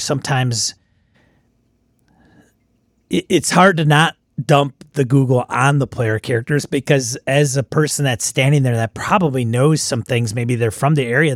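A man's voice: mid-range voice, no room sound, clean studio sound. A man who runs tabletop games, talking in a rambling casual way and often breaking off mid-thought. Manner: rambling, self-interrupting. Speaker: game master guest. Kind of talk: casual chat.

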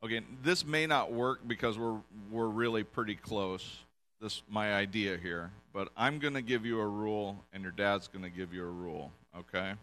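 Low-voiced pastor with a bright edge. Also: male voice, moderate pace. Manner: relaxed, joking, with frequent restarts. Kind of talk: casual sermon with audience volunteers. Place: church in front of a congregation.

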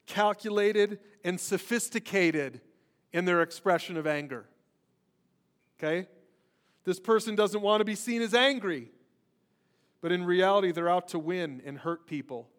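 A man in his forties preaches a sermon in a bright, high-pitched voice. He tells stories with animated emphasis and drops into soft, quiet asides. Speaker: pastor.

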